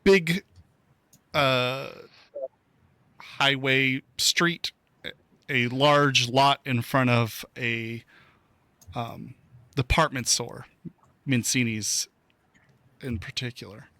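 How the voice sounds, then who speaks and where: Male game master, slow and hesitant, bright dry voice, lots of ums. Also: medium pitch, steady tone, no room sound. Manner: hesitant, many fillers. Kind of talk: narrating a tabletop game.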